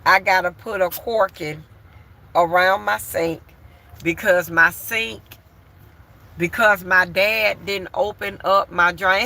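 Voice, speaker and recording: A woman's voice: fairly low pitch, fairly even intonation, takes it slowly, creaky, bright, forceful tone. A woman vlogger chatting bluntly and candidly to her viewers from home while doing chores. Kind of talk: casual chat to viewers.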